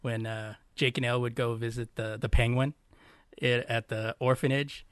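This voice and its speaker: A man's voice: medium pitch, fairly even intonation, moderate pace, clean tone, no room sound. Laughing man co-hosting a podcast. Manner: laughs often, rambling with fillers. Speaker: podcast co-host. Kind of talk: casual chat.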